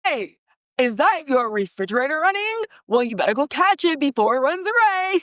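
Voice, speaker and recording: A woman's voice: high voice, sing-song, normal speed, fairly bright tone, dry recording, studio quality, voice pushed up. A woman putting on the voice of a taunting male prankster clown, delivering a joke in a mocking sing-song way.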